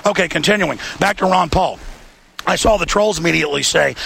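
A man's voice: on the high side, fairly quick, vocal fry, pushed and bright, breathy edge. A man hosting a political broadcast, ranting urgently and repeating himself. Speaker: show host. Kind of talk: heated political broadcast rant.

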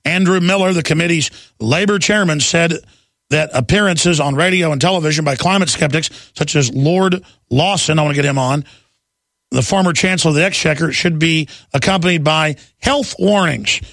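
A gravelly man hosts a political talk radio show, ranting fast and combatively. His voice sits a bit high and is recorded close and dry, with no room sound at all. He keeps mocking his opponents in quick bursts. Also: fairly bright tone, no echo.

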